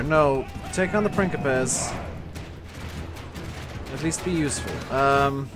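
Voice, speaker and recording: A man's voice: medium pitch, takes it slowly, over music. A man livestreaming a strategy game, commentating and bossing and swearing at his troops. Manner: bossy, swearing at his units. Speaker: game streamer. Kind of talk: live gameplay commentary.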